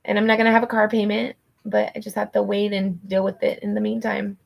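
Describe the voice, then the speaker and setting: A woman's voice: medium pitch, completely flat delivery, fast talker, gravelly. A middle-aged woman, a tarot reader, venting in casual live-stream chat, frustrated and swearing, then reassuring herself.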